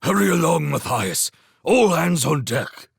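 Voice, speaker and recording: A man voicing a gruff, hot-tempered older male shrew leader in a storybook reading. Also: low voice, very animated, measured pace, fairly bright tone, dry recording, clean studio sound, exaggerated voice. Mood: urgent. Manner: gruff, scolding.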